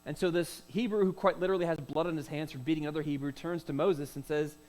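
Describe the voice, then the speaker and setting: A man's voice: fairly high pitch, steady tone, fast, a little mellow, poor audio. A man preaching a sermon as pastor, in a conversational way with rhetorical questions, "uh" fillers and repeated words.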